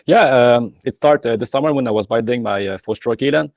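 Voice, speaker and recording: A man's voice: medium pitch, gravelly, darkish tone, no room sound. Man on a dull line. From Quebec. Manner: halting with frequent uh pauses. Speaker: guest. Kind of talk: casual interview chat.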